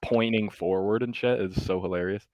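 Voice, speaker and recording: A man co-hosting a podcast, telling a story in casual, animated chat with lots of fillers and some swearing. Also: on the low side, normal speed, no room sound. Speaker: podcast co-host.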